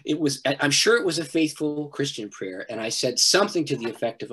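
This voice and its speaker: A middle-aged man, a pastor, telling a personal story in an interview, animated and often laughing. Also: on the high side, a little fast, slightly rough. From Canada.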